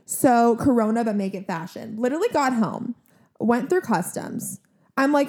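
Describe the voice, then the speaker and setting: A woman's voice: mid-range voice, a little fast. A young woman co-hosting a podcast, telling a story in casual chat, full of "like" and acted-out quotes. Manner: animated, heavy use of "like", acts out quotes. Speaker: podcast co-host.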